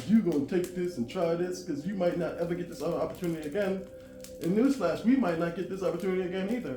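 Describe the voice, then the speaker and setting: A man in his forties telling a long personal story to camera, animated, drawing words out and bursting into loud high stretches. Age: 40s. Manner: animated, drawn-out emphatic delivery with sudden loud high bursts. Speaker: vlogger. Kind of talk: casual storytelling monologue. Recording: roomy echo with faint music.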